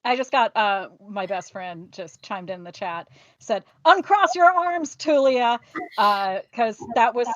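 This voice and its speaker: A woman's voice: mid-range voice, measured pace, no room sound, highs cut off. A woman hosting a casual chat, talking frankly and acting out quoted lines with frequent laughs. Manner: lively, frank, laughs often, acts out quotes. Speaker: podcast host.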